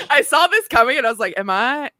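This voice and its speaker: Lively woman laughing on a video call. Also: sits high, quick pace, no room sound, studio quality. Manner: animated, laughs often, reads tarot meanings aloud. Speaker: podcast co-host. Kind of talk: casual group chat on a video call.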